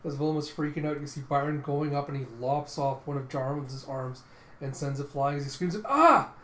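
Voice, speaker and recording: A man's voice: on the high side, flat delivery, brisk, a little mellow. A man casually narrating a comic readthrough in a rambling play-by-play with fillers. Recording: roomy echoey room with faint hiss.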